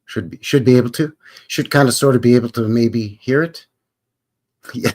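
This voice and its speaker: A man's voice: medium pitch, moderate pace, long pauses, darkish tone. A Canadian man hosting a livestream, chatting casually in a rambling, jokey way. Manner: rambling and jokey, tags lines with "eh, buddy". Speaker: livestream host.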